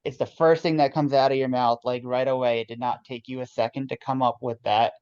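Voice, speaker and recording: A man's voice: mid-range voice, flat delivery, fairly quick, a little mellow, clean tone, no echo. Guy giving rehearsal notes, rambling, dull lo-fi dry recording. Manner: rambling, many restarts and fillers. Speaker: director.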